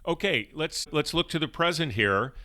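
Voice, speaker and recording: A man's voice: a little high, lively intonation, normal speed, bright, forceful tone. A man co-hosting a sports business podcast, a chatty interviewer who laughs along with his guest. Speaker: podcast co-host.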